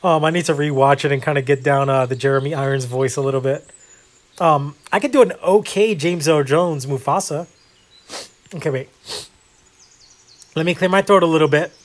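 Chill guy rambling over a game, kinda higher voice, lots of ums. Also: normal speed, pauses often. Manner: rambling and self-deprecating, with many fillers. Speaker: gaming video host. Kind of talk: casual gameplay chat.

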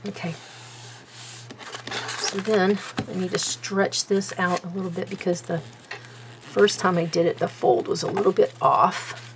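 A woman's voice: fairly low pitch, level tone, unhurried, long pauses, slight background noise. A woman chatting casually to herself while she does a paper craft at her table, self-mocking and talkative. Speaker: craft video host.

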